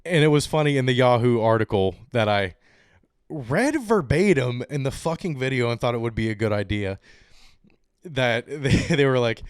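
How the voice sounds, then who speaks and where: A man talks sports on his podcast in a loose, rambling way, laughing often and ramping up into excited rants. His voice is smooth and clear at a middle pitch, and the recording sits close and dry with no room around it. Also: measured pace, no room sound. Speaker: podcast host. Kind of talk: casual sports talk.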